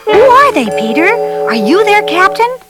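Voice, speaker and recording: A woman voicing an eager, excited young boy in a storybook, calling out in a high, bright voice. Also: moderate pace, over loud music.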